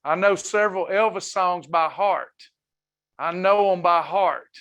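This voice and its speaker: A man's voice: sits high, unhurried, fairly bright tone. A man leading a faith-based wellness class, preaching with fervor and reading out members' comments as he goes. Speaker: wellness ministry leader. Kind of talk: preaching to a live online class.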